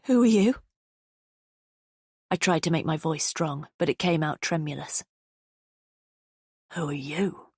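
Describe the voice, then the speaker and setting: A woman narrating a thriller audiobook in the first person, measured and tense. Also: sits low, dry recording, studio quality.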